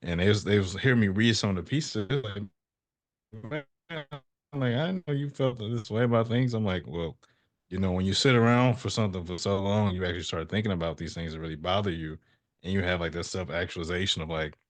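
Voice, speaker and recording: A man in his thirties with a very deep voice, hosting a casual podcast conversation. He speaks reflectively and works his thoughts out slowly as he talks. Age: 30s. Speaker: podcast host.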